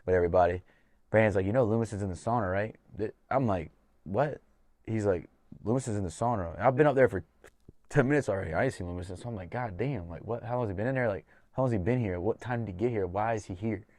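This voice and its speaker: Laid-back man telling a story, low voice. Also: fast, a little mellow, no echo. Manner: loose and profane, acts out quoted dialogue. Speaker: podcast host and fight coach. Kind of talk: casual podcast storytelling.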